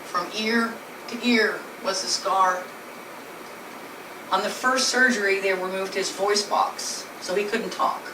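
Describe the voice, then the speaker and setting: A woman's voice: medium pitch, fairly even intonation, slow. A woman telling her husband's illness story in an earnest, plainly spoken way, speaking from a distance in a noisy, echoey room. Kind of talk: personal storytelling presentation.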